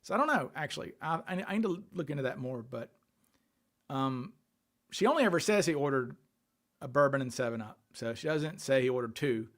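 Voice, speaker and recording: A man's voice: medium pitch, expressive, fairly quick. A man hosting a casual livestream, thinking aloud and answering questions from viewer chat. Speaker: livestream host.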